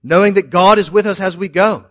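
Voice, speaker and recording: A man preaching a sermon in an animated way, moving between loud emphasis and quiet asides. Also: sits high, a little fast, no room sound. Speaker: pastor.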